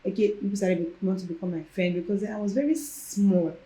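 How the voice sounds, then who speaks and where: She has a mid-range voice, speaks fairly quickly and has a Nigerian accent. As a young podcast guest telling her personal story in a relaxed, animated way, she acts out quoted dialogue from the people in it, recorded in a roomy, echoing space.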